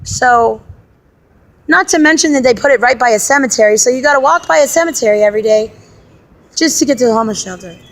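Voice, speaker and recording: A young adult woman vlogging in a casual monologue, telling a story in an exasperated, animated way and speaking straight to her viewers. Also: fairly high pitch, fast.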